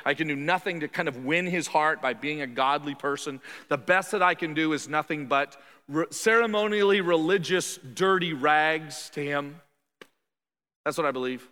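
A man's voice: on the high side, moderate pace, pushed and bright, long reverb tail. A man preaching a sermon in a church, talking conversationally and emphatically and asking his listeners rhetorical questions. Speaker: pastor. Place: church sanctuary.

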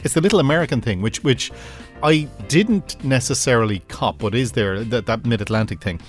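A man's voice: medium pitch, fairly quick, faint music behind. A man with an Irish accent co-hosting a radio show, casual and playful, slipping into mock voices for a joke. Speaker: radio co-host. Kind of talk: casual chat.

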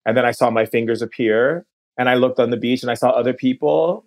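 Man, podcast guest, earnest storytelling, unhurried, average pitch. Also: darkish tone. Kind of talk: personal storytelling.

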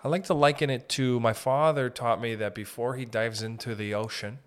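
A man's voice: mid-range voice, normal speed. A man from Northern Ontario hosting a podcast, telling profane, rambling comic stories. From Northern Ontario, Canada. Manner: profane, rambling, animated anecdotes. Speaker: podcast host. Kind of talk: comedic storytelling chat.

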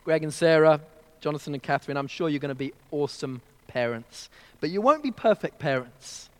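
A man preaching a sermon at a child dedication service, an earnest storyteller who speaks gently and directly to the congregation. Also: fairly high pitch, animated, a little fast, in a large hall.

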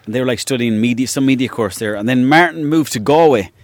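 A man's voice: mid-range voice, quick pace, no room sound. An Irish man, a guest comedian, telling loose, rambling stories in casual chat, swearing freely and laughing as he goes. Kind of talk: casual anecdotal storytelling.

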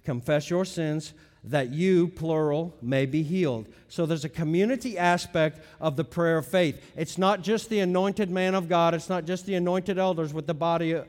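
A middle-aged man preaching a teaching sermon, stressing key words loudly and dropping into quiet asides. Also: a little high, big-room sound. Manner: emphatic, swings between loud stresses and quiet asides. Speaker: pastor.

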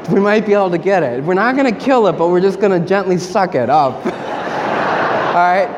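A male priest telling a chatty, animated story in a homily in church, while he is sick. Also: sits high, normal speed, noisy background. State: sick with a cold. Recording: church hall reverb, faint ambience.

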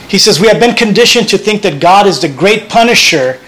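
Guy preaching, kinda high voice, earnest and chatty, keeps restarting sentences. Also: lively intonation, brisk, a bit bright, low-quality recording. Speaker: pastor. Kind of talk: sermon.

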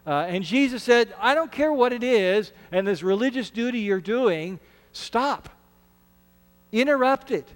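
A man's voice: high-pitched, animated, normal speed, few pauses, big-room sound. A man preaching a sermon as pastor, earnest and conversational, often restarting his words. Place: church sanctuary.

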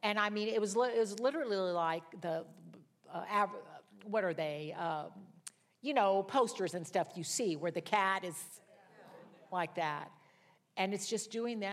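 An older woman teaching a Bible study. She tells personal stories in a chatty way, with self-mocking asides and sudden jumps in pitch and loudness. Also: moderate pace.

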